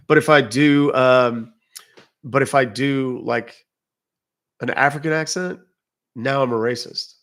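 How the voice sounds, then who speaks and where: A man's voice: mid-range voice, normal speed, gravelly, fairly bright tone. A man from England with a British accent, hosting a livestream and chatting loosely with viewers in a rambling, self-interrupting way. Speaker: livestream host. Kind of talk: casual livestream chat answering viewers.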